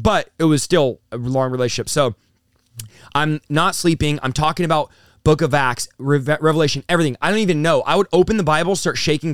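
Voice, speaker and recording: A pastor and preacher in his thirties tells his story in a casual interview, talking fast and excitably and saying "dude" and "bro" a lot. His voice is on the high side, clear and resonant, in a dry, studio-quality recording.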